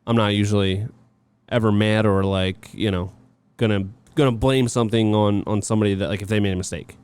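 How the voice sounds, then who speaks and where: Rambling joking man, smooth clear voice. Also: on the low side, fairly even intonation, brisk, darkish tone. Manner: rambling, many fillers and restarts; joking, sarcastic. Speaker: podcast co-host. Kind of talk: casual chat.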